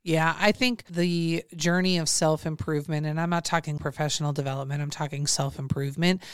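Woman podcast host, deep and very clean voice, earnest and emphatic, dry close mic. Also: steady tone, fairly quick, clear, resonant tone, dry recording. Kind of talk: casual chat.

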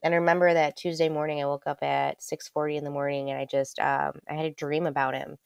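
A woman's voice: deep voice, level tone, fast, creaky, clean tone, no echo, clean studio sound. A woman telling a personal story in casual conversation, candid and loose, swearing freely with lots of ums. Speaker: guest.

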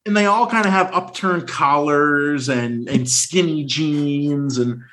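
A man co-hosting a casual film discussion, talking with animated energy and dropping into silly voices. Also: a little high, slow. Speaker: podcast co-host.

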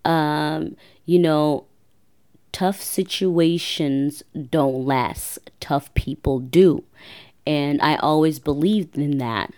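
Low-voiced woman telling her story. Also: very slow, darkish tone, clean tone. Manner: rambling, self-correcting, chatty. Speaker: podcast host. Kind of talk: casual personal storytelling.

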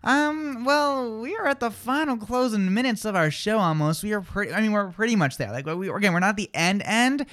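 A man co-hosting a live morning radio show, chatting in an animated, jokey and self-deprecating way. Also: high voice, fairly quick, hardly any pauses.

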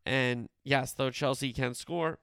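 A man's voice: mid-range voice, fairly even intonation, slow pace, creaky, fairly bright tone, clean tone, dry recording, clean studio sound. A man casually running through soccer scores and previews as a podcast host, rambling and correcting himself as he goes. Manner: conversational, rambling with fillers and self-corrections. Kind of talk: casual sports roundup.

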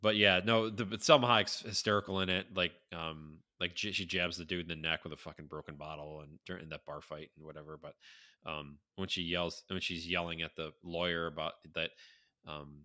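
Low-voiced man chatting in a rambling, profane way. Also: a little fast. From North Carolina. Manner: rambling, profane, with animated quoted impressions. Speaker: podcast co-host. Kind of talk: casual chat.

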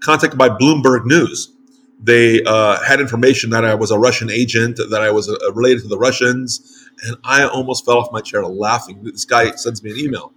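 Man, American, show host, animated storyteller, faint background noise. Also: medium pitch, moderate pace. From United States. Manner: animated storytelling with frequent restarts. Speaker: show host and site publisher. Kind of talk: casual conversational interview. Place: home in northern Mexico.

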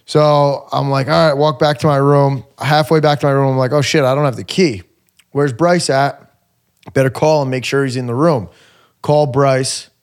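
A man co-hosting a podcast in casual chat, telling stories loudly and acting out the quotes. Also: medium pitch, moderate pace, clean tone. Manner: loud animated storytelling, acts out quotes. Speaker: podcast co-host.

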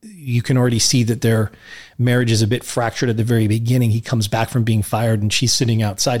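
A man hosting a podcast, chatting casually about a film in an enthusiastic, rambling way with frequent restarts. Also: fairly low pitch. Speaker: podcast host.

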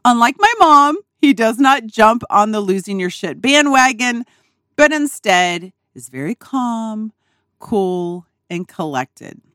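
A woman hosting a podcast who tells a personal story in a casual, animated way, laughing often and swearing freely, recorded in a small RV dinette. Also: medium pitch, no echo, studio quality. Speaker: podcast host.

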